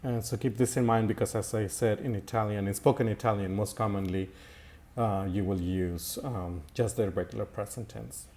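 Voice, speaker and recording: A man teaching an Italian grammar lesson in a slow, halting way, with many fillers and repeated words. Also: on the low side, steady tone, darkish tone. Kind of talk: recorded language lesson.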